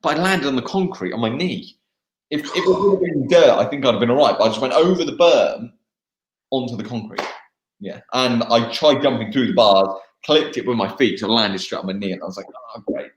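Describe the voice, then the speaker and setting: A man's voice: mid-range voice, lively intonation. Chatty English man in an echoey room. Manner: chatty, laughing, halting with fillers. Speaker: motocross racer, guest. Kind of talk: live online interview, casual chat.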